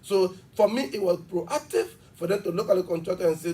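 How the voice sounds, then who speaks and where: In a television interview, a male education official explains things at length, speaking fast and emphatically and offering examples. His voice sits high and sounds mellow, picked up by a distant mic.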